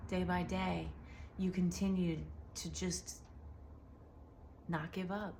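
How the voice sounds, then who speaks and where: A young woman giving an emotional, soothing intuitive reading straight to the listener, often dropping into soft whispers. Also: fairly low pitch, flat delivery, slow, a little hiss or hum. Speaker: tarot reader.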